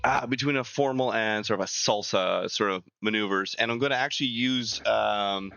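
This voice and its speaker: A man's voice: lowish voice, normal speed, gravelly, a bit bright, clean tone, no echo, dull audio. A man playing a tabletop game, describing his character's actions in a rambling, filler-heavy way. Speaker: player.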